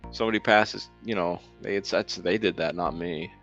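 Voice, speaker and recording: Sitting low with vocal fry and a somewhat bright edge, a man hosts a casual live stream at a moderate pace. He rambles, saying "um" a lot, as he reads viewers' comments aloud over a dull lo-fi sound with faint music.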